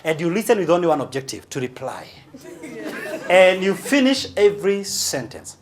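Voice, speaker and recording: High-voiced Kenyan man teasing a crowd. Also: big pitch swings, normal speed, a little hiss or hum. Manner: teasing, punchy, playfully provocative. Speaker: motivational speaker. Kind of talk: humorous conference speech. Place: large hall with a live audience.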